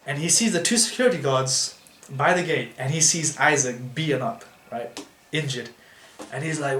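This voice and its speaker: A man telling a story in casual chat, animated and acting out what people said, with frequent restarts. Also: a little high. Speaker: storyteller friend. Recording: echoey room with faint noise.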